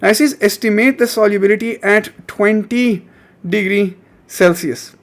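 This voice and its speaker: Male chemistry tutor, high voice, keeps prodding the class for answers. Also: moderate pace. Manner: coaxing, repeats questions to students. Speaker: chemistry teacher. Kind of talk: online exam-prep lesson.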